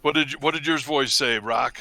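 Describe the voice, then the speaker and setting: A man's voice: medium pitch, normal speed, sharp tone, no room sound. A man playing a tabletop game, drawling and laughing often. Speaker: player. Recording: noisy recording with clicks.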